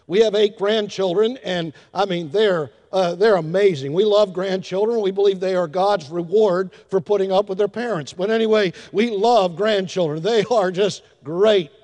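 An older man preaching a sermon in a church, telling folksy stories with emphatic shifts in loudness. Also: high voice. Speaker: pastor. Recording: long hall reverb.

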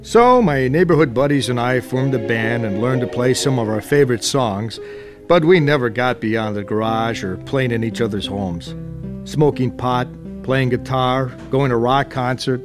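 A man's voice: medium pitch, normal speed, music in the background. A grown man narrating his past in a somber, reflective way. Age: adult. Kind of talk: scripted narration.

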